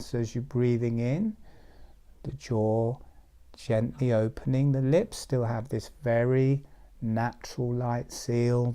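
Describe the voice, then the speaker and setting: Male meditation teacher, mid pitch, very slow, soft delivery with hushed stretches. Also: smooth. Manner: slow, soothing, drops to near-whispers. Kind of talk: guided meditation instruction. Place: group session, others present.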